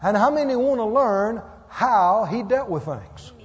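High-voiced man preaching with emphasis. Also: expressive, a little slow. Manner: emphatic, calls for amens. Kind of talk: sermon. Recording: muffled roomy hall.

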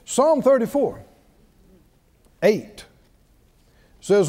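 A man's voice: high-pitched, sing-song, slow pace, mellow, long reverb tail. A man preaching a sermon, drawing call-and-response from the congregation with emphatic, repeated lines.

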